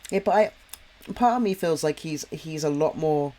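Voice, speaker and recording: A man's voice: on the high side, moderate pace, mellow. A young man casually chatting while he draws on a livestream, reading out viewers' comments with plenty of ums. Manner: rambling, friendly, full of ums and restarts. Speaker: livestream host and artist.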